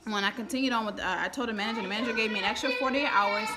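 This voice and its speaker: A woman's voice: a little high, rapid-fire, very noisy. A woman venting on a live stream at home, rambling and upset, with children's voices around her. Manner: rambling, irritated and emotional, with restarts. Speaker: vlogger. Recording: kids chattering in the background.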